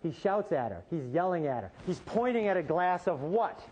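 In a courtroom, a very animated defense attorney with a high male voice makes his closing argument to the jury. He drives home rhetorical questions, holds dramatic pauses and shifts suddenly from quiet to emphatic.

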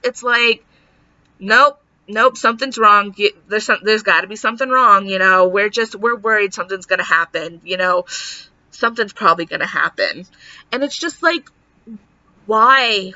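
A woman's voice: on the high side, pushed and bright, no room sound, highs cut off. A woman in her thirties venting in a casual vlog, talking in frustrated runs full of "like". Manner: frustrated ranting, lots of "like". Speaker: vlogger.

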